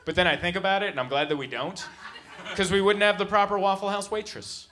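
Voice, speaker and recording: A man's voice: high-pitched, fairly even intonation, quick pace, bright, forceful tone. A man performing a stand-up comedy set, telling stories and acting out the people in them. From San Diego. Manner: storytelling with acted-out voices. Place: comedy venue with laughing audience. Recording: live show with audience noise.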